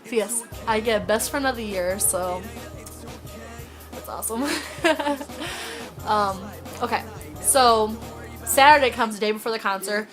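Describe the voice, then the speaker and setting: A woman from Indiana telling a story in a casual vlog, excited and rambling, filling her talk with "like". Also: fairly high pitch, a little slow, pauses often, over music. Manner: excited, rambling, heavy use of "like". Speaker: vlogger.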